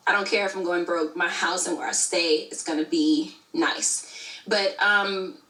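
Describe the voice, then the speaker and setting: A woman in her thirties from Alabama with a bright, forceful voice, talking in a chatty storytelling way and laughing easily. She sits a little away from the microphone in an echoey room. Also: mid-range voice, far from the mic. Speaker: YouTube creator of scripted shows. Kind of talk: casual interview answers.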